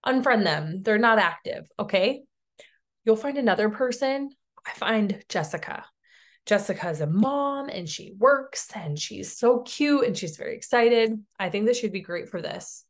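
A network marketing team leader in her thirties from Tennessee, USA, gives a chatty, encouraging sales training talk, often checking in with "okay?" Her voice is mid-range and animated, and her pace is a little slow.

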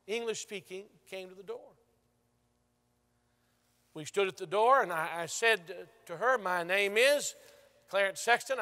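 A male pastor preaching a sermon, telling stories and moving from loud to hushed. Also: sits high. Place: large church sanctuary. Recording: long church reverb.

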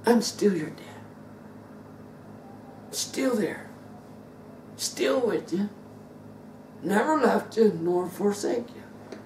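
Preacher, male, unhurried and theatrical, heard from a distance in a reverberant church hall. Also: high voice, lively intonation, a little hiss or hum. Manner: dramatic, swings between loud outbursts and quiet asides; acts out biblical characters in voice. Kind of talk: sermon. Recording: roomy echo, distant mic.

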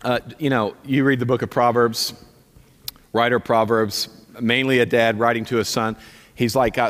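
A man's voice: mid-range voice, level tone, moderate pace, fairly bright tone, in a large hall. A man preaching a sermon as pastor in a church, direct and emphatic, repeating his commands for force. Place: church sanctuary.

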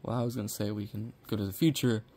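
A man's voice: fairly low pitch, steady tone, quick pace, warm tone, slight background noise. A man hosting a puppet comedy video, talking casually in offhand, rambling explanations.

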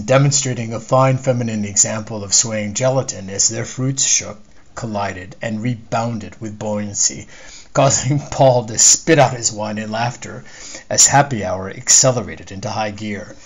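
A man, the author, reading a chapter of his novel aloud in measured storytelling narration. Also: lowish voice, poor audio. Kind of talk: scripted narration.

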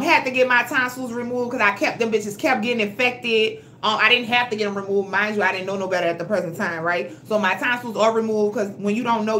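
A woman, telling her story to viewers in a casual, profane, animated way on a phone livestream. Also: fairly high pitch, a little hiss or hum. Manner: blunt, profane and animated, talking straight to viewers. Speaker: health vlogger. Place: at home.

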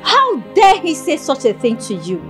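An indignant high-voiced Nigerian friend. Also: female voice, wildly swooping pitch, moderate pace, over music. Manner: indignant, scornful. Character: indignant female friend, protective and scornful. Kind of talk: film drama acting.

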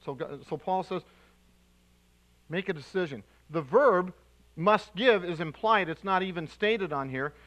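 Animated bright-voiced male preacher. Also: high-pitched, unhurried, rough recording. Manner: animated, emphatic preaching with restarts and sudden loud bursts. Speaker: pastor. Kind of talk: sermon. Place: church sanctuary.

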